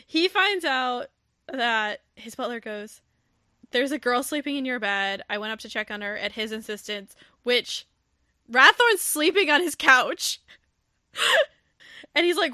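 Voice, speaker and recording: A woman's voice: on the high side, measured pace, no room sound, studio quality. A woman hosting a podcast, casually recapping a novel and acting out the characters' lines with laughter and swearing. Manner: animated storytelling, acts out quotes, swears and laughs. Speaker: podcast host. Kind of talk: casual book recap chat.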